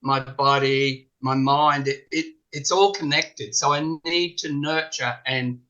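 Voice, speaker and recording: An Australian man speaks very slowly over a video call, his voice bright and forward. He reflects hesitantly on personal matters, repeating words as he searches, and the audio is dull and muffled. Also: medium pitch. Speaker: game participant.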